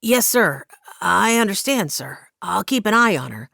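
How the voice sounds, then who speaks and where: A woman's voice: medium pitch, very animated, a little slow, gravelly, sharp tone, dry recording, clean studio sound, pitched above the performer's own voice, exaggerated voice. Woman doing an earnest polite young man. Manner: earnest, well-mannered.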